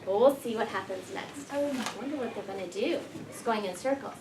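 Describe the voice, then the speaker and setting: A woman teacher doing an expressive read-aloud, stopping often to ask her class questions. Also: medium pitch, a little fast, gravelly, slight background noise. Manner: expressive storytelling, prompting children. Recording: echoey room, voice from far off.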